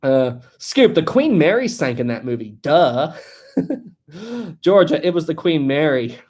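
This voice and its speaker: A live-stream host chatting casually, reading out viewer comments, joking and laughing a lot, and thinking out loud. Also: medium pitch, very animated, unhurried, breathy edge. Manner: thinks aloud, with many fillers and restarts.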